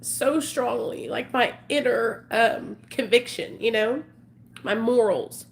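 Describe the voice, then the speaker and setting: A woman's voice: fairly high pitch, takes it slowly, vocal fry, a little hiss or hum. A woman in her forties talking candidly to her viewers in an emotional, rambling confessional vlog. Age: 40s. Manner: emotional, earnest, rambling with fillers. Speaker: vlogger.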